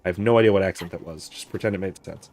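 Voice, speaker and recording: A man's voice: low voice, very fast, darkish tone. A man hosting a live game-play stream, chatting and thinking aloud in a self-deprecating way. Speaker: host. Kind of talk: casual game-play commentary.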